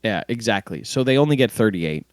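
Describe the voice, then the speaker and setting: Relaxed man recapping a match. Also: lowish voice, fairly quick, no room sound. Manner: relaxed, play-by-play recounting with fillers. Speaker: podcast co-host. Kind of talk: casual sports recap chat.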